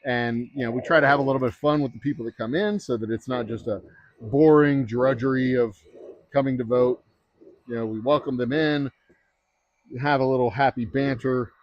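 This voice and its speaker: A man's voice: medium pitch, moderate pace, dull audio. A man chatting casually on a livestream, rambling and joking with many fillers. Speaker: distillery owner livestreaming.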